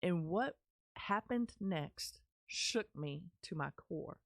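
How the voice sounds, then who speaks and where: A woman's voice: lowish voice, slow pace, creaky, no echo, studio quality. Texan woman telling her story theatrically. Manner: animated, theatrical, humorous delivery. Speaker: speaker sharing her life story. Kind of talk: personal storytelling talk.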